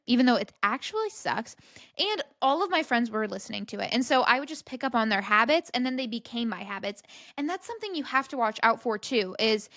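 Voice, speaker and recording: Young woman, podcast host, casual commentary, chatty and disbelieving, bright tone. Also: a little high, no room sound, studio quality. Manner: chatty, self-interrupting, reacting with disbelief.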